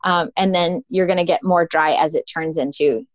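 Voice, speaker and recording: A woman's voice: lowish voice, fairly even intonation, moderate pace, no echo. Chatty woman guest, dry close sound. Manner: chatty and informal, full of "like" and "um". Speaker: podcast guest. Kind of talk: casual conversational interview.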